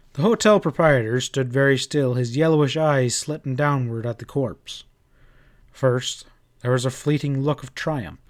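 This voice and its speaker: Man reading a western novel. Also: medium pitch. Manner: steady, even storytelling. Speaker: audiobook reader. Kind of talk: scripted western novel narration.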